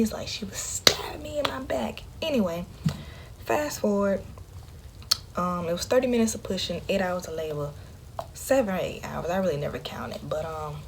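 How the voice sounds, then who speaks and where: Low-voiced woman sharing candidly. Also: a little hiss or hum. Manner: candid, conversational, drops into a hush often. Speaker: vlogger. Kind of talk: personal storytelling to camera.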